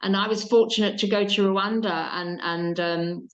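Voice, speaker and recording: A woman's voice: mid-range voice, steady tone, normal speed. Chatty woman host, dull sound. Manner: chatty, enthusiastic, repeats words. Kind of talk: casual chat.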